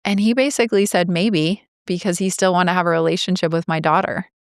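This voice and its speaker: A woman in her forties shares a personal story in an earnest, reflective way, drawing out the phrases that matter most. Her voice sits a little low and sounds smooth and clear. It is recorded dry and close, with no room sound. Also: fast, no room sound. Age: 40s. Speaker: podcast host.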